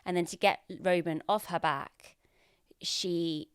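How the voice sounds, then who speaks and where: A woman's voice: lowish voice, fairly even intonation, slow, clear, resonant tone, dry recording, studio quality. A woman co-hosting a podcast, chatting casually about a TV episode and acting out lines from the scenes. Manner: chatty, acts out quotes from scenes. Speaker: podcast co-host. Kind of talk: casual chat recapping a TV episode.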